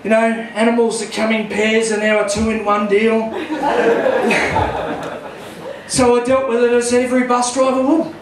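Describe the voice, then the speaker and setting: A man with an Australian accent doing stand-up comedy, telling a crude, rowdy story and shouting his punchlines. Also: very high-pitched, little pitch movement, fairly quick, a crowd in the background. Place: small comedy club stage. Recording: echoey room from far off.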